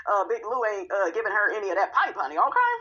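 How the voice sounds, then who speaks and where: A woman's voice: medium pitch, very animated, fast, bright, forceful tone, dull audio. A woman giving a sassy, casual recap of a reality show, tossing in "honey" and "okay" all the time.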